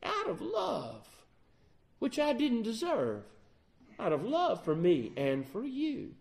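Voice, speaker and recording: Brief: male preacher, sermon delivery, higher voice with wide swings in pitch, scripture quoting. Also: takes it slowly. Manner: lively preaching, quotes scripture, rises and drops in volume.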